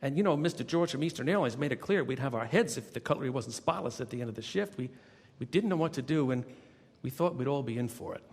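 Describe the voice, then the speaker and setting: A man's voice: medium pitch, lively intonation, fast, a little mellow, husky, long reverb tail. A man voicing a worried male dish room worker explaining a problem apologetically. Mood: anxious. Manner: anxious, apologetic.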